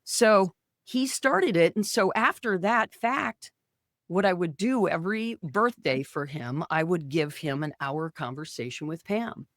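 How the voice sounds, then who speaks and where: A woman's voice: on the low side, unhurried, dry recording, studio quality. A woman in her fifties, an author and radio personality, telling a story as a guest in a casual interview. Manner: animated, vivid storyteller.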